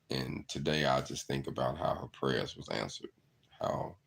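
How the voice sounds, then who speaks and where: A man's voice: rumbling low, gravelly, a bit bright, breathy edge. A middle-aged man, earnestly telling stories in a reflective monologue. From southeast Arkansas. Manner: earnest, storytelling, repeats "you know". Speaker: channel host.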